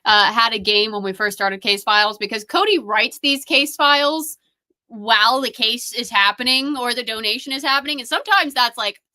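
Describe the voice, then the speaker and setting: A woman's voice: on the high side, normal speed, bright, forceful tone. A young woman co-hosting a paranormal show, reading a case file aloud in a playful, laughing way. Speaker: co-host, paranormal investigator.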